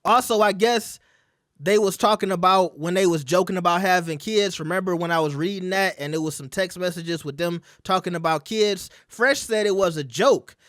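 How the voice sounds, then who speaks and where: A man with a noticeably high voice gives loose, conversational commentary straight to his viewers. He keeps asking them to weigh in, and his voice is recorded close and dry with no room sound. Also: normal speed, fairly bright tone, dry recording. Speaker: commentary channel host. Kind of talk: casual commentary reading out text messages.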